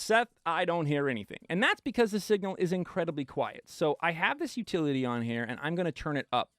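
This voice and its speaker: A male mixing engineer giving an animated studio tutorial, with playful asides to viewers. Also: fairly high pitch, clean tone, no room sound.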